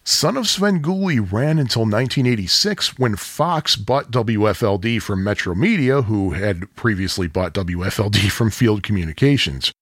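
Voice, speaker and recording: Male podcast host from Chicago, husky, lively pitch, casual storyteller. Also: moderate pace, few pauses, dry recording, clean studio sound. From Chicago area. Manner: chatty, self-deprecating, nostalgic.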